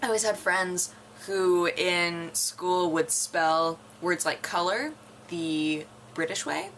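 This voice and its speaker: A woman's voice: lowish voice, slow, fairly bright tone, a little hiss or hum. A young woman from North America chatting casually to camera, rambling and musing, often laughing and trailing off. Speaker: vlogger.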